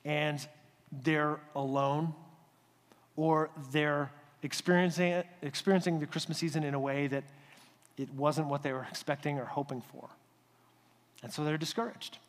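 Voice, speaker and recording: A male pastor giving a conversational, animated sermon in a church sanctuary. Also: a little high, normal speed, big-room sound.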